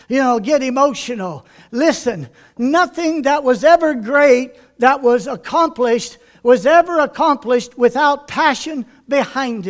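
High-voiced impassioned male preacher. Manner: impassioned, swinging from hushed to shouting. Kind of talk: sermon.

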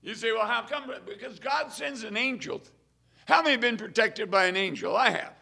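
An older man preaching a storytelling sermon, fervent, swinging between loud exclamations and hushed asides. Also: extremely high pitch, normal speed, creaky.

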